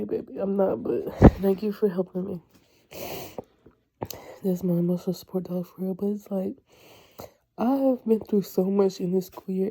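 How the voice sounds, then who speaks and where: A young woman rants to her camera about a draining school year, blunt and full of cussing. Her voice sits dark and mellow with a husky, breathy edge. She talks like she's fed up and worn out. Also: mid-range voice. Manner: blunt, profane, venting. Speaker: teacher and coach. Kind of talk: casual vlog rant.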